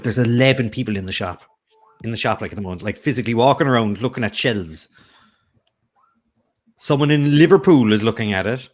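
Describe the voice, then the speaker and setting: A man's voice: mid-range voice, fairly quick, long pauses. A man hosting an online quiz, chatting casually and rambling between jokes. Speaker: quiz host. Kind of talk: casual livestream chat.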